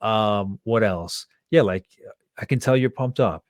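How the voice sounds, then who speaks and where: A man's voice: lowish voice, unhurried, no room sound, clean studio sound. A man hosting a podcast interview, talking casually and loosely with plenty of fillers. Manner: casual, relaxed talk with fillers. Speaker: podcast host.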